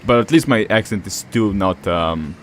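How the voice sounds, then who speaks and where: A man's voice: lowish voice, moderate pace, a little hiss or hum. A man with an Eastern European accent chatting casually while playing a game, rambling along with fillers and chuckles. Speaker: gaming streamer. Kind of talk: casual gameplay commentary.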